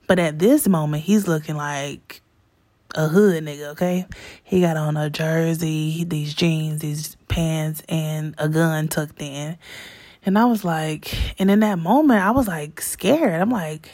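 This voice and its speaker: A woman recounts a personal story in a candid, chatty way, sometimes dropping to hushed asides. Her voice sits low with a gravelly, husky edge. The recording is close and dry. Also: slow pace, no echo. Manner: chatty, full of fillers, drops into hushed asides.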